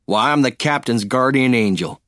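A man voicing an easygoing cowboy adventurer, calm and firm. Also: mid-range voice, moderate pace, no room sound, studio quality, close to an everyday voice. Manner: laid-back drawl, calm and firm.

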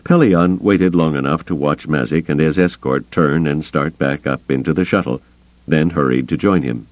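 Male audiobook narrator: very low, steady reading; dry, slightly muffled studio sound. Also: moderate pace, dry recording. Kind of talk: scripted narration.

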